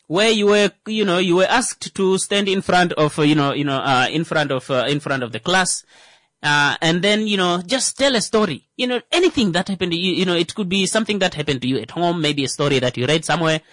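A man's voice: high-pitched, a little fast, a bit bright, no room sound. Man, 30s, rambling comic talker, dry close mic. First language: Thimbukushu. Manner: rambling, many fillers and restarts. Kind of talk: casual comedic monologue.

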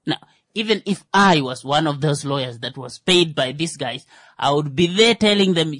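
A man's voice: fairly high pitch, lively intonation, moderate pace, a bit bright, no room sound. A man, hosting a radio show and giving satirical news commentary with sarcastic, mock-indignant asides and stumbling restarts. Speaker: radio host.

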